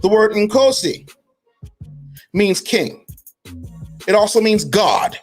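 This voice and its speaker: A man delivering a heated, profane commentary, mocking his target and swinging from low mutters to shouted taunts. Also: animated, slow, soft background music. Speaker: commentary host. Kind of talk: heated social media commentary.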